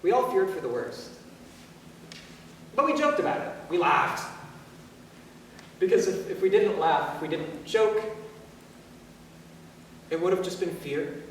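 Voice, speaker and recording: A young man in his twenties with a high voice delivers a one-man stage monologue in a chatty, storytelling way, peppered with fillers. He is caught from far off in a big, echoing theater with a long reverb tail. A faint hum of room ambience hangs behind him. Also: sing-song, measured pace, pauses often. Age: 20s. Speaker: solo stage performer. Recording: echoey hall from far off.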